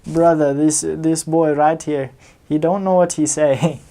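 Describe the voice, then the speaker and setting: Puzzled ghanaian guy talking broken english, a young guy doing the voice, low-key and dark toned. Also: fairly even intonation, unhurried. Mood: bemused. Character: puzzled Ghanaian adult man, a listener being taught.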